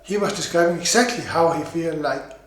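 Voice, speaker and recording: A man narrates a simple story and often stops to correct his own words. His voice is high. The recording has a roomy echo. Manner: halting, with self-corrections. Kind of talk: reading a self-help story.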